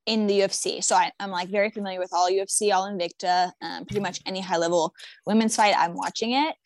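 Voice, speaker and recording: A woman's voice: medium pitch, steady tone, quick pace, no room sound. A woman guest answering interview questions in a plain, matter-of-fact way. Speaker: guest fighter.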